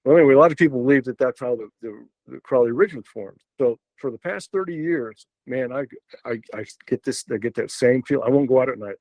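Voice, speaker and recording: An older man with a drawl tells a story as a podcast guest, wandering through it with fillers, restarts and asides. His voice sits at an ordinary middle pitch. The sound is close and dry, with no room around it. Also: a little fast, no echo, lo-fi sound. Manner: rambling, many fillers and restarts. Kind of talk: casual storytelling.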